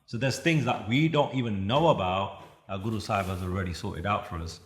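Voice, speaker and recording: A man giving a religious talk at a youth camp, telling stories in an animated way and chanting verses. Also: lowish voice, brisk, echoey room. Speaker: Sikh preacher.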